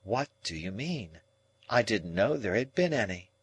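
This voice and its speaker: A male audiobook reader voicing a proud, cool young woman who gives quiet, clipped, dismissive replies in a dry recording. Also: on the low side, sing-song, unhurried, breathy edge, no echo, heavily acted.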